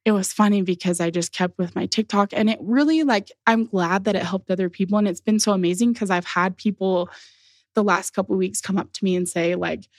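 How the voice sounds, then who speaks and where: A woman's voice: medium pitch, a little fast, no echo, clean studio sound. Chatty young woman telling a story. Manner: chatty, laughs often, many "like" fillers. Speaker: podcast guest. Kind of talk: casual storytelling.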